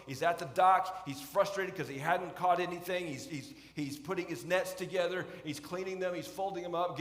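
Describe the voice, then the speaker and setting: A man's voice: sits high, fairly bright tone. A man preaching a sermon, telling a story in a loose, conversational way with frequent restarts. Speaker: pastor. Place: church sanctuary. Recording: echoey church sanctuary with long reverb.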